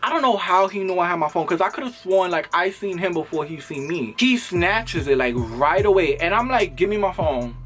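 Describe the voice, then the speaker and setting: A young man vlogging a casual storytime, animated and swearing, acting out both sides of an argument. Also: high-pitched, normal speed, hardly any pauses, faint music behind.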